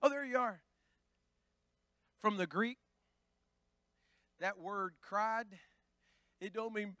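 A man pastor preaching a Pentecostal sermon, building from plain talk into shouting. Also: high voice, slow pace, long pauses, clean tone, dry recording. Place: church sanctuary.

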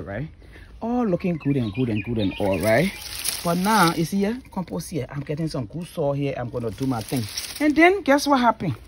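A woman, chatting casually to the camera at her home and yard as a vlogger. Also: a little hiss or hum. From Liberia. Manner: chatty, talks to camera and to kids and dogs, lively swings up into high scolding. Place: outdoors at a home yard and kitchen.

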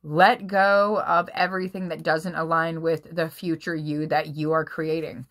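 A woman reading tarot cards for her viewers in a casual, excitable way, swearing freely and often breaking into laughter. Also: deep voice, slow pace. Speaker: tarot reader.

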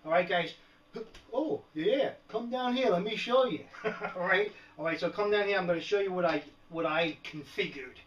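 A slightly high-voiced man talks through his gear in a loose, joking way, tossing in "right?" and "all right" every few words. The sound is dull and lo-fi, like an old home video. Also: moderate pace, fairly bright tone. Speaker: prepper video host. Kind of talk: casual show-and-tell vlog.

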